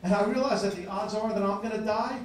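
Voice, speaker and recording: A man's voice: high-pitched, quick pace. A man in his fifties from New Jersey doing a stand-up comedy set, stammering and restarting before dry, self-deprecating punchlines. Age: 50s. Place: comedy club stage. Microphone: stage mic in a club. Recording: echoey club recording from far off, crowd noise. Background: audience laughter.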